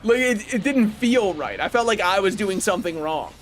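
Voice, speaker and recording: A young American man chatting casually while streaming a game, rambling and correcting himself with sudden excited outbursts. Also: high-pitched, normal speed, a little hiss or hum. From United States. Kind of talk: casual gaming livestream chat.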